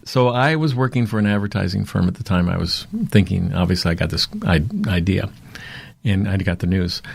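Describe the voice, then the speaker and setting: A middle-aged man, a talent agency owner, telling his story in a rambling, animated interview way. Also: lowish voice, vocal fry, no echo. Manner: rambling, fillers, animated retelling.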